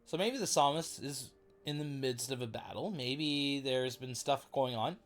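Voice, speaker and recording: A man hosting a casual livestream Bible study, chatty and excitable, breaking off to react to viewers. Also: medium pitch, a little slow.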